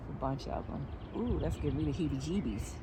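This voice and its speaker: A woman, vlogging casually outdoors in her yard and chatting to her viewers, often dropping to a soft hush. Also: deep voice, animated, brisk, slight background noise, low-quality recording. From United States. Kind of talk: casual chat to camera.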